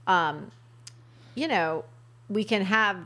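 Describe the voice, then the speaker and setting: A middle-aged woman co-hosting a casual faith podcast, reflective and quick to affirm the others. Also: medium pitch, bright, forceful tone. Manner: frequent affirming interjections, reflective. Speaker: podcast co-host.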